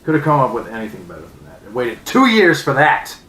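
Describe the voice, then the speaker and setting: A man in his thirties ranting angrily as a sports fan, profane and sarcastic, with loud outbursts. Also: medium pitch, wildly swooping pitch, a little fast, echoey room, poor audio. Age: 30s. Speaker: vlogger. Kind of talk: angry sports fan rant.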